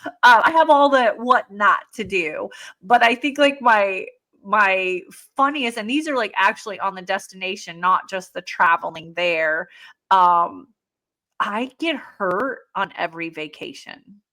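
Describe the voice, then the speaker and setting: A middle-aged woman co-hosting a podcast, telling wild travel stories with lively energy and frequent swearing, acting out voices as she goes. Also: medium pitch, a little slow. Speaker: podcast co-host. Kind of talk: animated storytelling.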